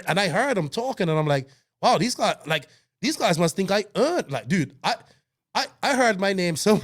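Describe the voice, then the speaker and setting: Defensive, swearing podcast co-host man. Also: sits high. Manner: animated, defensive, swears, restarts often. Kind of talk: heated casual podcast chat.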